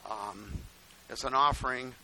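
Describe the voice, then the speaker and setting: An older male pastor giving a sermon, telling stories in a folksy way, dropping to quiet asides and then rising to loud exclamations. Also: measured pace, rough recording. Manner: folksy storytelling preaching, swinging from low asides to loud exclamations. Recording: faint hiss.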